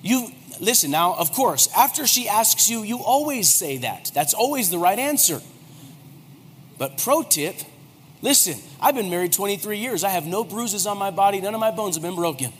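A man's voice: sits high, moderate pace. A man in his forties, a pastor preaching a humorous sermon and acting out quoted voices. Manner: animated, joking, acts out quoted voices. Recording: hall reverb, faint background noise.

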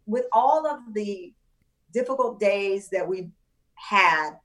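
A woman guest chatting in an animated, laughing way, full of quick asides. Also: medium pitch, distant mic. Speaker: guest, TV talk show host. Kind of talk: casual interview chat.

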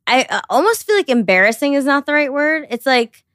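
A young woman co-hosts a casual podcast with a fairly high voice. She swears freely and mocks as she talks, laughing often. The sound is dry and close. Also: very animated, a little fast, a bit bright, no room sound. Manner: profane, mocking, laughs often. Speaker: podcast co-host. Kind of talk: casual chat.

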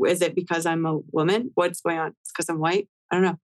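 A woman in her thirties, a rapper guest telling a story in a casual interview, animated and swearing often as she acts out what people said. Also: lowish voice, quick pace, no echo, rough recording. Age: 30s.

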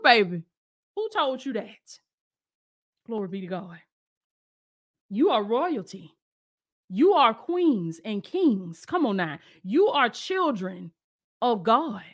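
A woman's voice: high-pitched, sing-song, takes it slowly, pauses often, sharp tone. A woman preaching to her online audience, emphatic and repetitive, calling listeners to stand firm. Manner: emphatic, repeats rallying calls, speaks to listeners directly. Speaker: Christian lifestyle coach and preacher.

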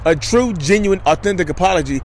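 A man's voice: high voice, animated, a little fast, a little hiss or hum. Emphatic man talking to camera outdoors. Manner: emphatic and repetitive, addresses viewers as y'all. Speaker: vlogger. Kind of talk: casual commentary to camera.

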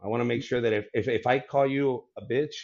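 A man's voice: mid-range voice, fairly even intonation, fast, highs cut off, background noise. A man, a comedian, talking in a casual podcast chat, blunt and profane, laughing often. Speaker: comedian guest.

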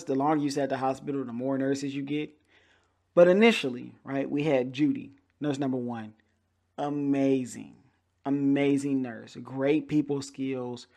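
A young adult man hosting a podcast, telling a casual story in an animated way and acting out the people he quotes. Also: mid-range voice, creaky. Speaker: podcast host.

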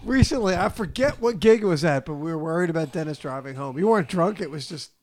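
High-voiced teasing man. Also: animated, a little mellow. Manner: teasing, quick to laugh. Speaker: podcast co-host and band member. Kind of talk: casual banter among bandmates.

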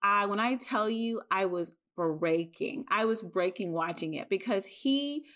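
A woman podcast host in casual chat. She retells scenes in an emotional, animated way, and her voice sits at an ordinary middle pitch. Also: a little slow.

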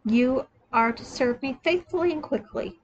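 A woman's voice: high-pitched, highs cut off, a little hiss or hum, voice pushed up. Woman reading as a stern dominant wife. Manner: stern, measured orders. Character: commanding, mocking dominant wife.

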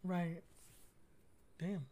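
A woman's voice: lowish voice, steady tone, extremely slow, mellow. Young woman co-hosting a podcast, chatty and slangy, laughs a lot, bit of hiss in the back. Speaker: podcast co-host. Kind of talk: casual chat.

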